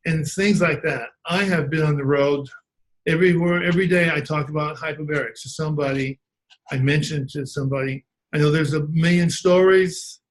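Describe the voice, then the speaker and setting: A man telling an anecdote in an animated way, acting out the voices of the people in it. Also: a little high, brisk, low-quality recording. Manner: animated, acts out quoted voices. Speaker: guest storyteller. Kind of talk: anecdotal storytelling.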